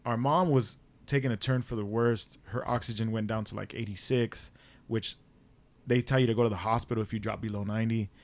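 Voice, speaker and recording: A man's voice: lowish voice, fairly even intonation, brisk. A young man co-hosting a podcast, telling a family story in casual chat, cursing freely and acting out what people said. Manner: swears freely, relives scenes in quoted dialogue. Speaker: podcast co-host.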